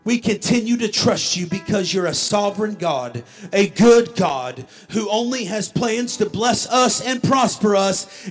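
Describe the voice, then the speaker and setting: A male pastor with a voice that sits high preaches and leads an altar prayer in a church sanctuary, his delivery swelling into a chanted, shouting cadence.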